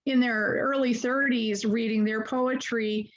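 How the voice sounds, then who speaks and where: Woman in her sixties on a muffled video call, fairly high voice, halting and self-correcting. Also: fairly even intonation. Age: 60s. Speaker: workshop participant. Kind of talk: asking a question.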